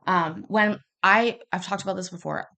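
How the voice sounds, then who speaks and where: A woman in her thirties telling a personal story in a casual, rambling way, restarting often and acting out quoted lines loudly. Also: medium pitch, normal speed, creaky. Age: 30s. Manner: chatty and rambling, with many restarts; acts out quoted lines with sudden bursts of loudness. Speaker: podcast host.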